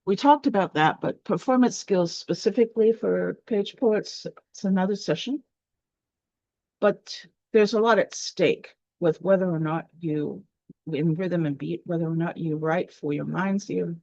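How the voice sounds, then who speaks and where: A woman with a fairly low voice teaches poetry, explaining terms step by step with fillers and restarts. The recording is dry and a little dull and lo-fi. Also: measured pace, gravelly, darkish tone, no echo. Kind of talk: online lesson.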